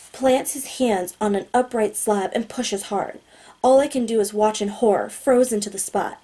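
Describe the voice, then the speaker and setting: A woman narrating a novel in the first person, steady and plain. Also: mid-range voice. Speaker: audiobook narrator.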